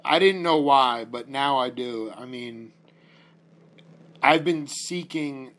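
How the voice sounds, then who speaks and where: A man's voice: medium pitch, slow. Laid-back male interview host. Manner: relaxed, slangy, short reactions. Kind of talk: casual interview chat.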